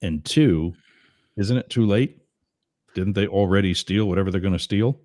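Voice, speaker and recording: A man's voice: low voice, normal speed, darkish tone, dry recording, clean studio sound. A man hosting a political talk show, teasing his co-hosts and calling out to viewers in the chat. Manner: teasing, jokey asides to the chat. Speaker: host.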